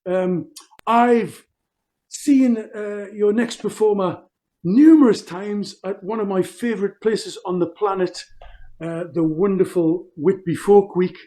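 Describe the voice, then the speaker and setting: A man's voice: sits high, slow pace, dark tone. A man, a folk singer, chatting jokily between songs on a video call concert, hesitant with ums and self-deprecating.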